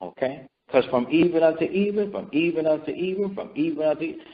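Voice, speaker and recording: A brisk, fairly high-pitched man teaches scripture in a sermon, repeating himself and seeking responses with "right?" and "okay?" The lo-fi recording sounds dull.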